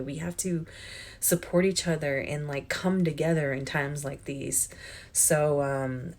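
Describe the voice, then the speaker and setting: A woman's voice: deep voice, a little mellow. A young woman telling a personal story in a vlog, chatty and emotional, filling her talk with "like" and "um," and getting teary-eyed as she speaks. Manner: chatty and emotional, with many "like" and "um" fillers. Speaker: vlogger. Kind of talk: personal life-update vlog.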